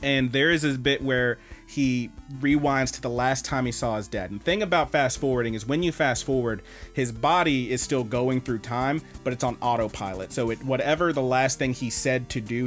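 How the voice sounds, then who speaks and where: Animated, foul-mouthed young man telling stories. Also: mid-range voice, brisk, few pauses, soft background music. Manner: animated storyteller, swears a lot. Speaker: podcast co-host. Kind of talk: casual chat.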